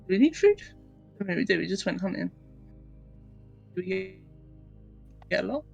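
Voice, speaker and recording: A woman's voice: medium pitch, expressive, normal speed, vocal fry, darkish tone, husky, faint music behind. A woman taking part as a player at a tabletop game. She chats casually and keeps asking questions. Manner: chatty, questioning.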